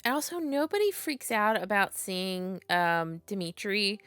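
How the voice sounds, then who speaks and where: A woman's voice: medium pitch, sing-song, a little slow, a bit bright, clean tone, no echo, soft background music. A woman co-hosting a podcast, chatting casually about a movie with lots of fillers. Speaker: podcast co-host. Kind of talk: casual movie review chat.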